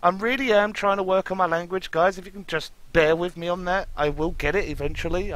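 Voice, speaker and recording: A man's voice: high-pitched, fairly even intonation, a little fast, background noise. A young man streaming a horror game live, swearing constantly and yelping at every scare. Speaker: gaming streamer.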